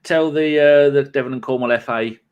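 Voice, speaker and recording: A man hosting a live football podcast, reading viewer comments at an even middle pitch. He keeps it laid-back and profane, laughing easily between comments. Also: moderate pace, clean tone, muffled recording. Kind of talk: casual live podcast chat.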